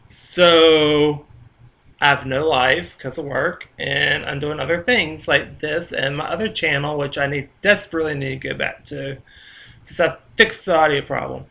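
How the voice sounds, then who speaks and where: Bright-voiced man rambling on his vlog. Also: fairly high pitch, vocal fry. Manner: loose, chatty storytelling with cursing and asides. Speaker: vlogger.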